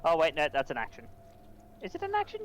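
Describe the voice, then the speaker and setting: A man's voice: fairly high pitch, wildly swooping pitch, quick pace, fairly bright tone, slight background noise. A man playing a tabletop game who methodically works through rules and numbers aloud. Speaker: player.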